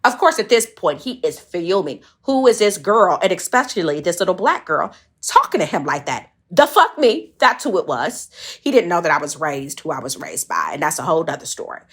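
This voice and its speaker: A woman's voice: on the low side, big pitch swings, brisk, a bit bright, breathy edge. A woman around forty from Michigan telling a personal story in a blunt, profane, self-mocking way. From Saginaw, Michigan, US. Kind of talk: casual storytelling monologue.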